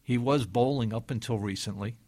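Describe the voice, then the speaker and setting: A man's voice: mid-range voice, a little fast, a little mellow. A man in his fifties co-hosting a financial radio show, telling stories in an easygoing, chatty way. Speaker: financial advisor and show co-host. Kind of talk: casual radio-show talk.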